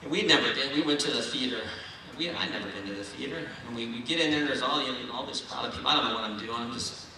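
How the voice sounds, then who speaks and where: A man from Ohio delivers a folksy, rousing keynote at a political dinner in a large banquet hall. He speaks fast with a medium pitch and sharp tone, and the echoey hall makes the mic sound distant, with a little hiss or hum.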